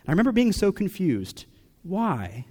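A young adult man preaching a personal sermon, asking question after question with long pauses. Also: medium pitch, animated, warm tone. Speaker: pastor.

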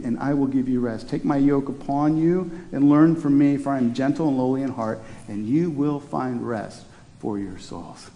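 A man's voice: medium pitch, dark tone, big-room sound. A man preaching a sermon in a conversational way, often restarting his phrases. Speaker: pastor.

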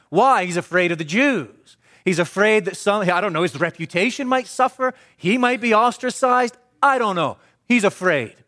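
A man preaching a sermon, asking the congregation questions and answering them himself, swinging from emphatic to hushed. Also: high-pitched.

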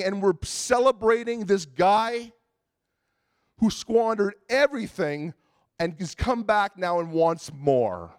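High-pitched guy preaching, acts out voices in his stories, dry close sound. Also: takes it slowly, no room sound. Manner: animated storytelling, acting out quoted voices. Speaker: pastor. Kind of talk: sermon.

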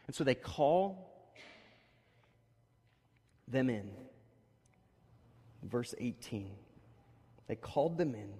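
A male preacher with a slightly high voice gives a relaxed, story-driven sermon. He drifts casually through anecdotes, then leans in louder to drive each point home. His voice carries the long reverb of a big church hall. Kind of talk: conversational sermon.

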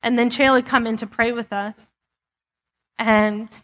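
Her voice sits on the high side, steady and a bit bright, at normal speed. Standing in a church sanctuary, she gives a casual, candid testimony with lots of fillers, and the recording carries long hall reverb.

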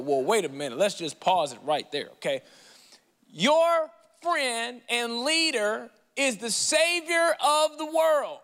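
A man preaching a sermon as pastor, animated and conversational, with playful asides to the congregation. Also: extremely high pitch, gravelly. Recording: long hall reverb.

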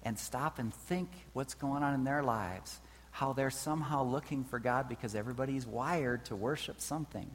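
A man's voice: medium pitch, normal speed. A man preaching a sermon in a conversational way, often checking in with his listeners. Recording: reverberant hall with faint hum.

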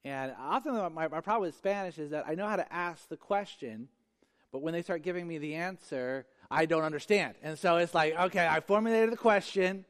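High-voiced preacher in a reverberant hall. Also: male voice, brisk. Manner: emphatic, repeats phrases for effect. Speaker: pastor. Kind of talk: sermon.

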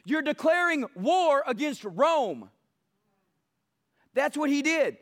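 A man's voice: extremely high pitch, big pitch swings, slow. A male pastor preaching a sermon emphatically, building passion. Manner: emphatic, building passion, mocks soft quotes.

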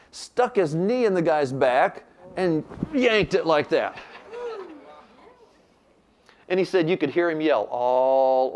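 An older man preaching, telling a story animatedly and acting out the voices he quotes. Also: a little high. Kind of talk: sermon storytelling.

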